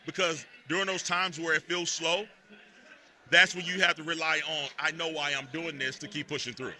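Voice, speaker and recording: Texas guy telling stories on a live podcast, really bright tone, emphatic, repeats himself. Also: on the high side, moderate pace. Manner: animated storytelling, emphatic repetitions. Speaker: podcast network host, guest. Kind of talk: casual interview talk. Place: live party event.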